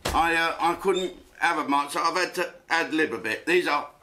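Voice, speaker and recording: A man's voice: on the high side, normal speed, bright, forceful tone, a little hiss or hum. Crude rambling man ranting. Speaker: host. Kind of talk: comedic rant. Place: home den.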